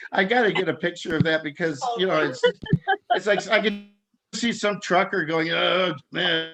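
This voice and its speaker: High-voiced chatty man on a video call. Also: moderate pace, crowd noise. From Southern California. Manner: rambling, laughs at his own jokes, stammers on restarts. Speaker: stand-up comic.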